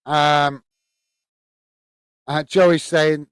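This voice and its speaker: Slightly high and steady, his voice draws out words and pauses often, recorded clean without echo. He's a British man running a live football watch-along, casually reading comments to viewers, laughing a lot, using many "uh" fillers and calling them "mate".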